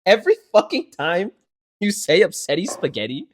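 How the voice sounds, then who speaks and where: A man's voice: high voice, sing-song, normal speed. A man co-hosting a podcast, blunt and heavily profane, teasing his co-host in casual chat.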